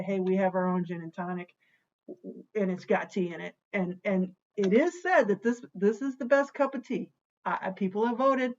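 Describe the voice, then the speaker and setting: A woman's voice: medium pitch, darkish tone, lo-fi sound. A woman hosting a casual home cocktail vlog, talking in a playful, jokey way and bantering with herself by name. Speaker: host of a home cocktail show.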